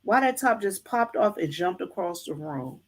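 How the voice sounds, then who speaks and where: A middle-aged vlogger with a lowish, expressive voice talks at normal speed. In casual chat with live viewers, she tells folksy stories and refers to them as "y'all."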